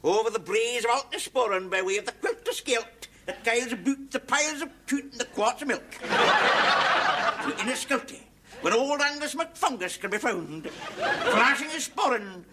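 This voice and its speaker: An actor with a Scottish accent playing a boastful tourism presenter who delivers pun-filled patter in a hearty, declamatory way. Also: male voice, very high voice, expressive, normal speed. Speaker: comedy sketch actor. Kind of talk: scripted comic monologue. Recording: hissy TV recording, audience laughter.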